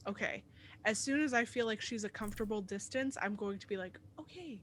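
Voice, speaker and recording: A woman playing in a live tabletop game, chatty and quick, describing her character's moves. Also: mid-range voice, fairly bright tone, slight background noise. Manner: quick, chatty, laughs often. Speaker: player. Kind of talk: casual tabletop play.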